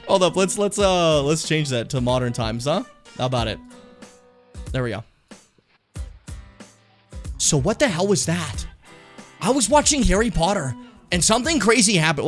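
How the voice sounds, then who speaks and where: A young man on a casual stream, rambling and swearing as he mocks himself. His fairly high voice leaps all over its range, over faint background music. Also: big pitch swings, moderate pace, long pauses, a bit bright. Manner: rambling, profane, self-mocking.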